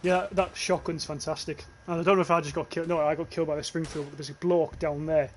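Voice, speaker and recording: Young man, northeast English accent, gaming livestreamer, casual chatty commentary, swears, restarts phrases, slightly high voice. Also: fairly even intonation, fast talker, slight background noise. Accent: northeast English, near North Yorkshire. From northeast England. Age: young adult. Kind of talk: casual live gameplay commentary.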